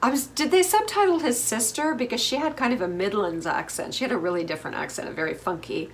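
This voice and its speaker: A woman's voice: a little high, fast, a little hiss or hum. A middle-aged woman from the United States hosting a casual TV recap, chatty and opinionated with lots of fillers. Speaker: host.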